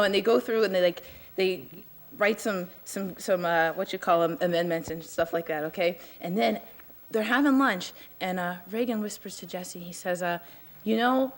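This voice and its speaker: A woman telling a joke on a city street in a halting way, filling pauses with "uh" and "you know". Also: medium pitch.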